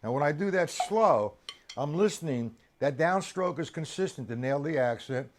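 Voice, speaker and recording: Lively, chatty male drum teacher. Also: fairly high pitch, normal speed, very noisy. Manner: counts beats aloud with loud accented downbeats; chatty, coaxing, addresses viewers directly. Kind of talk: live-streamed drum lesson. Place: at a computer on a live stream.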